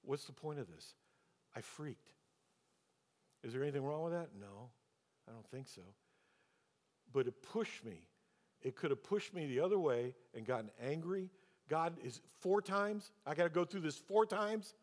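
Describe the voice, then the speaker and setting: A man's voice: fairly high pitch, lively intonation, normal speed, pauses often. A man preaching as a pastor, telling a personal story and then pressing the congregation with rhetorical questions. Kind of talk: sermon. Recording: long hall reverb.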